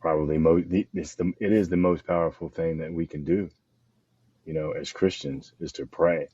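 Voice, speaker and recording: A man hosts an interview in a very low, dark voice. He speaks haltingly and keeps affirming his guest. The sound is dry and a little muffled. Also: fairly even intonation, husky, no echo. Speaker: podcast host.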